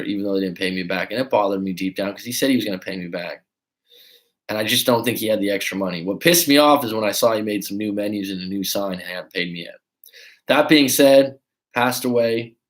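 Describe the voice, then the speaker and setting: Male life coach on a livestream, low-pitched, loose and candid, storytelling with some swearing. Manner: casual, swearing, storytelling with acted quotes. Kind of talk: livestream advice talk.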